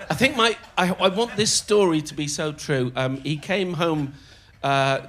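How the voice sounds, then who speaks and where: Older man telling lively anecdotes. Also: fairly high pitch. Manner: animated, often laughing while telling, doing quick voices of others. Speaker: comedian guest. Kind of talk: storytelling anecdotes in conversation. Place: on stage in a theatre before a live audience.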